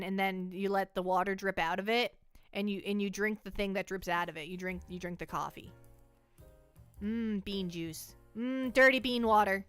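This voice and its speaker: Woman streamer, higher-pitched, crisp voice, playful and rambling, over-caffeinated, dry close mic. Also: fairly bright tone, no echo. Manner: playful, rambling, self-mocking. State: jittery from too much caffeine. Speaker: live streamer. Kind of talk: casual chat to a live audience.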